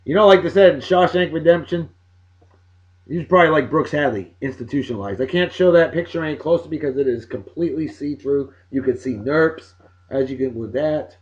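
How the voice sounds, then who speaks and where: A man's voice: fairly high pitch, a little fast, highs cut off. A man hosting a casual video blog, brash and joking, with a loose, crude way of talking. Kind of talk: casual chat over music.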